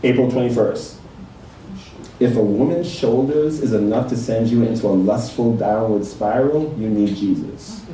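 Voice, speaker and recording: A man's voice: medium pitch, moderate pace, warm tone. A man hosting a casual talk-show interview, reading posts aloud and laughing easily. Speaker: host, interviewer. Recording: echoey room, mic far off, faint noise.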